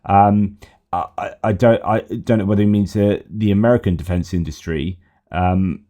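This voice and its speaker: A middle-aged British man hosts a war news channel in a fairly low, dark voice, keeping a normal speed and fairly even intonation. He gives casual news commentary, rambling and amending his statements as he reasons aloud.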